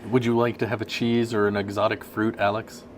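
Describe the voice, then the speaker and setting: A man co-hosting a podcast who throws in dry jokes and short replies during a casual chat. A clear layer of background noise runs under his voice. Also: lowish voice, level tone, brisk. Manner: dry wisecracks. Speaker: podcast co-host.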